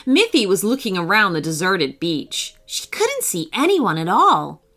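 A woman reading a children's story aloud, bright and lively in pitch, taking her time over every line. Faint music sits under her voice. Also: a little slow. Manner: animated, warm storyteller. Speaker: storyteller host. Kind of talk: scripted narration.

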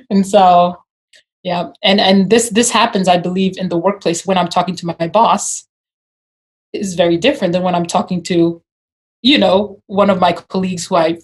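A woman guest with an African accent, speaking thoughtfully with pauses. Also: on the low side, fairly even intonation. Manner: thoughtful, hesitant with fillers and laughs. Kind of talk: casual conversation.

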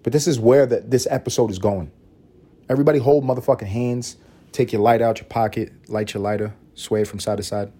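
A man from Puerto Rico hosts his podcast in a rambling comic monologue. His voice is dark and slightly husky, sitting at a middle pitch. He swears freely and jumps into loud, animated bursts. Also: fairly quick. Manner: animated, profane, riffing with sudden loud bursts. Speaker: podcast host. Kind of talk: casual comedic monologue.

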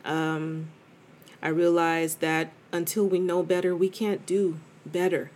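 A woman's voice: on the low side, flat delivery, slow pace, darkish tone, slight background noise. A woman hosting a podcast, talking candidly and reflectively in a chatty way, with many fillers and restarts. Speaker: podcast host. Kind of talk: casual reflective monologue.

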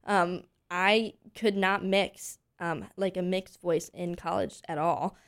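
A woman in her twenties, a voice teacher from Pennsylvania, chatting as an interview guest and telling animated stories full of fillers. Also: fairly low pitch, slow. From Pennsylvania, USA. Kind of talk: casual interview chat.

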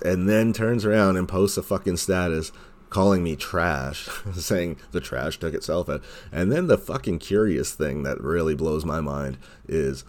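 A man with a bass, darkish voice hosts his own podcast, speaking at normal speed in a heated, sarcastic rant. The monologue is full of swearing, and he mocks others by quoting them in put-on voices.

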